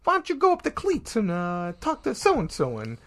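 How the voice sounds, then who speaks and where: A man doing an impression of a small-time bookie who gives orders in a high, pinched voice. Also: huge pitch swings, normal speed, a bit bright, full character voice. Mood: bossy. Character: small-time male bookie, bossy and squeaky.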